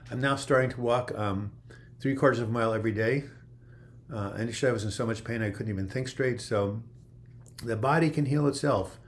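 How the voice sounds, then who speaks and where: A man hosts a relaxed livestream Q&A, picking viewer comments off the screen and reading them out. He answers off the cuff in a voice of ordinary pitch, wandering a bit as he goes. A faint hum of room noise sits under him. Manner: reads viewer comments aloud and answers them in a loose, chatty way; rambling, with frequent "you know" and restarts. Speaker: livestream host. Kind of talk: casual livestream Q&A.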